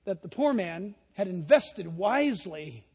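High-voiced animated preacher man. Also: measured pace, husky. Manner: animated, swings from hushed to near-shouting. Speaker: pastor. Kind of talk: sermon. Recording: long hall reverb.

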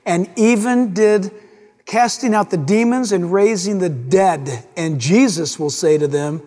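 A man's voice: high voice, a little slow, darkish tone, big-room sound. A man preaching a sermon with dramatic delivery, acting out the voices of scripture figures.

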